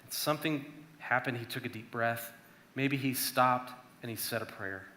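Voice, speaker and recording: A man giving a casual, conversational youth sermon, talking to a church youth group and acting out prayers in a hushed voice. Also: medium pitch, moderate pace, a little hiss or hum. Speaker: youth minister. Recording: echoey room.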